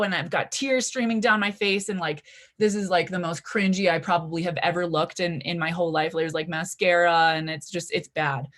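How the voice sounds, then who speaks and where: On a library event stage before an audience, a young woman in her twenties tells a personal story at a live story slam. Her voice sits on the low side and sounds fairly bright, and she talks fairly quickly in a chatty way, full of "like" and "you know" fillers.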